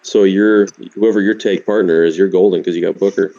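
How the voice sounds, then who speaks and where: A man talking over voice chat during a game stream, chatty and quick to laugh. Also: low voice, fairly even intonation, vocal fry, mellow, muffled recording. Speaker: guest on voice chat. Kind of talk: casual chat. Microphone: voice chat mic.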